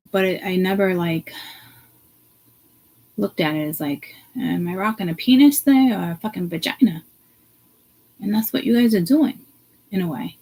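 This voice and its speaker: A woman's voice: lowish voice, animated, moderate pace, rough recording. Woman ranting, profane and heated. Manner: profane, heated and blunt, swings from hushed to loud. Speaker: vlogger. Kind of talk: ranting to camera.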